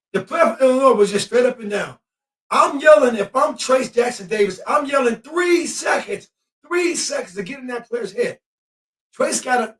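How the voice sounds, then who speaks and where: A podcast host with a high male voice does live game-watching commentary, excitable and quick to shout at the refs and players. The mic sits at a distance, so he sounds set back in an echoey room.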